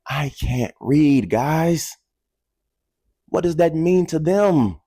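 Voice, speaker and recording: A man in his twenties telling a personal story to the camera in an animated, candid way, talking straight to viewers and swearing casually. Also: a little high, takes it slowly, no room sound.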